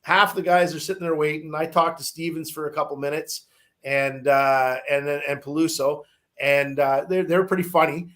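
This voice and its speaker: A man tells a long story in a loose, casual way. His voice sits fairly high, and he keeps restarting sentences, dropping in fillers and the odd swear word. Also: steady tone, moderate pace, a bit bright.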